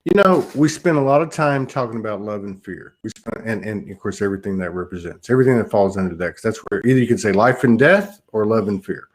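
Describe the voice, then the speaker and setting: A man's voice: lowish voice, animated, fast talker, hardly any pauses. A man hosting a spiritual talk show, speaking in a reflective, casual way and now and then swearing lightly. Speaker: host.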